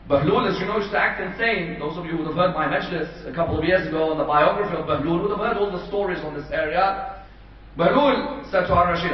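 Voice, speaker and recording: A man's voice: on the high side, quick pace. A man delivering a majlis sermon in a large community hall, telling a story dramatically and voicing its characters. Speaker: preacher. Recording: distant echoey hall, dull sound.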